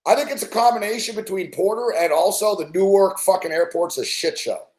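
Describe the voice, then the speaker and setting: A man's voice: sits high, fairly quick, few pauses, a little mellow. A man hosting a sports betting show, rambling through a casual story full of swearing and fillers. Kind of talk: casual profane storytelling rant. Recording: roomy echo.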